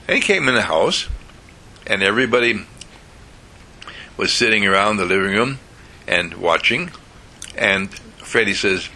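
A man narrating a children's bedtime story in a slow, animated way with chuckles. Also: fairly low pitch.

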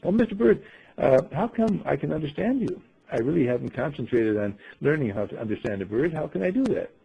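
A man voicing a flustered, timid older woman who stammers in a high, fluttery voice. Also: very animated, brisk, vocal fry, breathy edge, highs cut off, exaggerated voice.

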